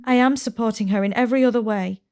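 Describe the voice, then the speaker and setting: A woman's voice: on the high side, quick pace, a little mellow, clear, resonant tone, natural voice. A woman voicing a young single mother, pleading and defensive, as she reads game dialogue aloud. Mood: strained.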